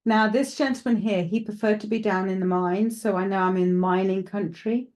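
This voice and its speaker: A woman giving a live psychic reading. She chats with her viewers and thinks out loud as she works. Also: mid-range voice, steady tone, moderate pace. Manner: chatty, thinks aloud, addresses viewers directly; hesitant, with frequent restarts while working things out. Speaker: psychic medium. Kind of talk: live streamed mediumship reading.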